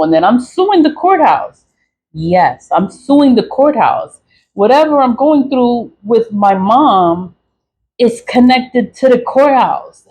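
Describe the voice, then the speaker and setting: A woman's voice: mid-range voice, a little mellow, slightly rough, rough recording. A woman venting in a casual, profane monologue, repeating herself and laughing between lines. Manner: angry, profane, repetitive venting. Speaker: vlogger.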